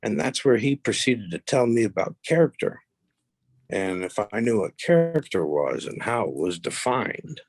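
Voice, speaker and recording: A man in his thirties, guesting on a podcast, tells a story casually in a lowish, gravelly voice at normal speed. His animated retelling is full of swearing and rambling asides, with no room sound.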